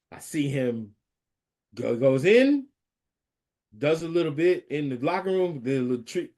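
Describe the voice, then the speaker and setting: A man guest on a podcast, telling a trash-talking golf story with laughter and bursts of excitement. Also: mid-range voice. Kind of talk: casual chat, storytelling.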